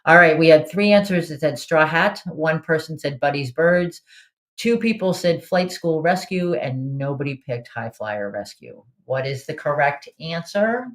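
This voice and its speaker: A woman's voice: low-pitched, animated, a little slow. A woman hosting a live online trivia game in a casual, chatty way, reading out answer options and laughing often. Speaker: trivia host.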